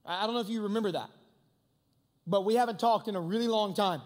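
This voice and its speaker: High-voiced young man preaching in a hall. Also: fast. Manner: animated, conversational preaching with asides to the crowd. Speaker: youth pastor. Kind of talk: youth sermon. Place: large hangar used as a church hall. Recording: long hall reverb.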